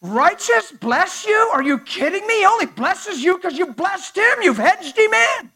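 A man's voice: very high-pitched, sing-song, a little slow, bright, forceful tone, voice pushed up, exaggerated voice. A man preaching as he voices Satan in a sermon, an arrogant male figure mocking God with incredulous taunts. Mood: sneering.

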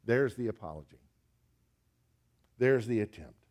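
A man's voice: mid-range voice, animated, a little slow, darkish tone. A man preaching a sermon, folksy and emphatic, urging listeners with direct questions.

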